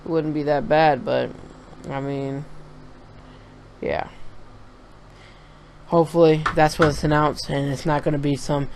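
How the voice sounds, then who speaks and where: A man's voice: on the high side, a little hiss or hum. Profane, rambling man reviewing a show. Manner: profane, rambling, opinionated ranting. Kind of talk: casual reaction vlog.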